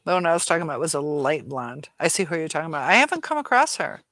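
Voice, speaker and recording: A woman's voice: deep voice, sing-song, quick pace, fairly bright tone, no room sound. A tired woman hosting a live chat, reading viewer comments aloud and hesitating often. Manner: hesitant, many fillers and restarts. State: tired and dizzy.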